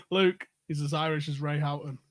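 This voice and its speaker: A man's voice: a little high, steady tone, unhurried, pushed and bright. A man hosting a live-stream pub quiz, joking around and swearing freely in casual banter. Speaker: quiz host.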